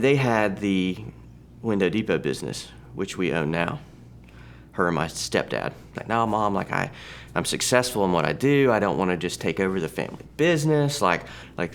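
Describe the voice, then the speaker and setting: A man in his thirties with a very low, gravelly voice tells a personal story. He speaks conversationally, often circling back and restarting his sentences. A faint hum sits underneath the recording. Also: lively intonation, moderate pace. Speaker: church testimony speaker. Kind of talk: personal testimony.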